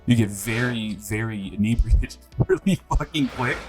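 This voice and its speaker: A man's voice: mid-range voice, lively intonation, moderate pace, a little mellow, faint music behind. A young man co-hosting a podcast, telling a story in a laid-back casual chat. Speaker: podcast co-host.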